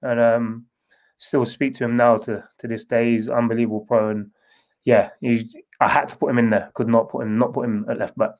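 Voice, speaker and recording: A man's voice: mid-range voice, little pitch movement, brisk, darkish tone, poor audio. A man, a former footballer answering interview questions in a loose, rambling way with many restarts. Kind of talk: casual interview.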